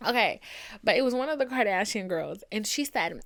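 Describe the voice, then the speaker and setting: A woman's voice: mid-range voice, animated, brisk, fairly bright tone. A young woman hosting a podcast, ranting casually in a blunt, profane way with lots of "like" fillers. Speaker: podcast host. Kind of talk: casual solo podcast rant.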